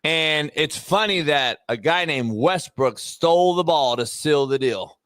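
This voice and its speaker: A man's voice: on the high side, animated, a little slow, a bit bright, dry recording, studio quality. A man hosting a sports talk show, ranting emphatically and with plenty of profanity about basketball.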